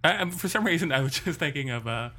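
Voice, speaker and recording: A man's voice: fairly high pitch, animated, quick pace, bright, forceful tone, a little hiss or hum. A man hosting a podcast, asking the guest questions and musing aloud in a rambling way. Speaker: podcast host. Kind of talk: casual podcast interview.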